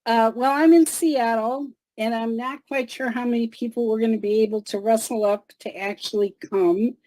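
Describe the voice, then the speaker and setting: Hesitant woman with a mellow voice. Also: fairly high pitch, steady tone, normal speed, low-quality recording. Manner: hesitant, repeats words. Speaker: caller on organizing call. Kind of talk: casual video call.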